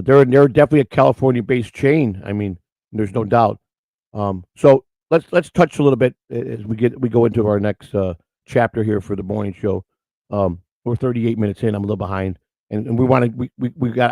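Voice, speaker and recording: A man's voice: mid-range voice, dark tone, no room sound. An older man hosting a morning show, telling rambling stories with lots of restarts and acted-out quotes. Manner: rambling storyteller with many restarts. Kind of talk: casual rambling chat.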